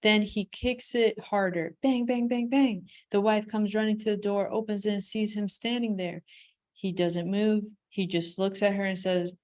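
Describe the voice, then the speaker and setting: A woman reads a self-help book aloud in a medium-pitched voice. Her reading is lively and emphatic. Now and then she drops into casual, off-script comments. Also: moderate pace. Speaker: audiobook reader.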